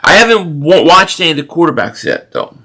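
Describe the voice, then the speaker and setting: A man's voice: fairly high pitch, a little fast. A man hosting a live stream watch party, chatting casually with viewers and ranting opinionatedly about football with frequent restarts. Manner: opinionated, animated sports rant with repeated restarts. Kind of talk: casual live stream chat, reading super chats.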